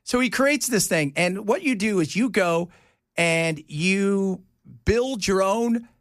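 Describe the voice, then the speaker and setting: A man's voice: high-pitched, lively intonation, takes it slowly, no echo, studio quality. A man hosting a radio talk show, joking and teasing his co-hosts in casual on-air banter and acting out the voices of people he quotes. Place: radio studio.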